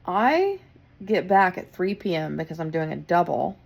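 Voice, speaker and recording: Gravelly, tired young woman telling a story. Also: on the low side, big pitch swings, moderate pace. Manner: blunt, swears freely, tired and wry. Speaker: hotel worker. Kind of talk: casual storytelling vlog.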